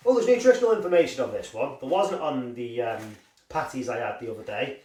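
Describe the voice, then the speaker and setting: A man's voice: mid-range voice, expressive, fairly quick, darkish tone, recorded from a distance, slight background noise. Rambling, swearing man in an echoey room. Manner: rambling, swearing, self-mocking. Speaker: food reviewer. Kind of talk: casual food review vlog.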